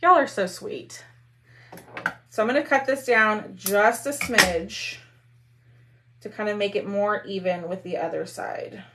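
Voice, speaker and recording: A woman's voice: medium pitch, measured pace, pauses often. A woman hosting a casual craft live stream, chatting with viewers while she works. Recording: faint background noise.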